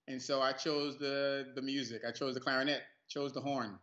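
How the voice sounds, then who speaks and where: A man's voice: medium pitch, little pitch movement, moderate pace, pushed and bright, reverberant, lo-fi sound. Laid-back laughing man on a call. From New York City. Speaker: guest actor. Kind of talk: casual interview chat.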